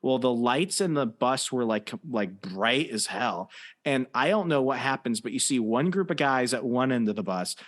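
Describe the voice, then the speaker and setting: A man hosting a podcast, telling a wild anecdote among friends in a lively, profane manner. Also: medium pitch, normal speed. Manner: animated, profane anecdote teller. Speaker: podcast host. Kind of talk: casual storytelling among friends.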